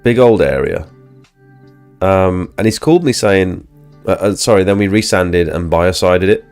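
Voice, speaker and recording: A man with a low voice, a bit under the weather, rambles through casual live-stream chat with plenty of ums. His talk wanders as he answers viewers. Faint music sits in the background. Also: expressive, measured pace, darkish tone. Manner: rambling, filler-heavy, chatting to viewers. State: ill. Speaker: pressure washing business owner and live streamer.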